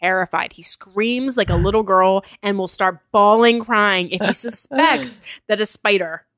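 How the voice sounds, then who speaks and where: A woman's voice: mid-range voice, measured pace, a bit bright, no echo, studio quality. A woman in her thirties co-hosting a casual podcast chat, telling stories in a breezy, playful way. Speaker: podcast co-host.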